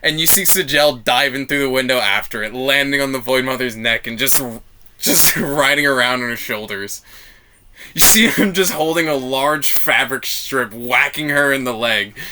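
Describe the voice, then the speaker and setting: A man narrating a tabletop role-playing game as game master, animated and laughing at times. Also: mid-range voice, moderate pace, background noise.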